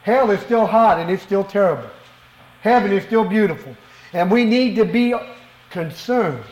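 A middle-aged male preacher with a high voice delivers a fervent, emphatic sermon in a church. He leans on rhetorical questions, and his words ring out in an echoey hall. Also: expressive, normal speed, a little mellow.

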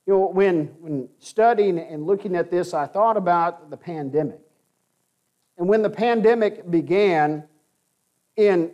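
A man preaching a sermon, earnest and emphatic, slowing down to stress key phrases. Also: high-pitched, darkish tone, dull audio.

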